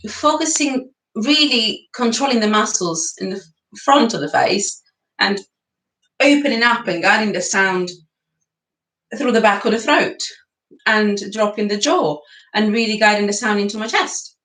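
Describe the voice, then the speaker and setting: A woman's voice: mid-range voice, unhurried, a bit bright. A woman leading a guided singing and breathing class, chatty and encouraging, laughing between exercises. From England. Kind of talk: guided vocal exercise session. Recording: echoey room.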